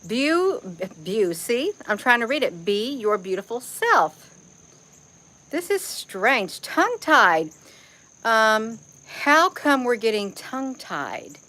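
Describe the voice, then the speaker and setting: A woman's voice: medium pitch, bright, forceful tone, poor audio. Folksy woman chatting to viewers. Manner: folksy, repeats "you all", chats to viewers by name. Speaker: livestream host reading chat. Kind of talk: casual livestream chat. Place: outdoors among trees.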